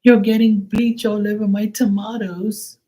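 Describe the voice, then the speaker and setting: A man mimicking a fussy, whining woman who frets over her tomatoes, in a shrill put-on voice. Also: level tone, unhurried, mellow.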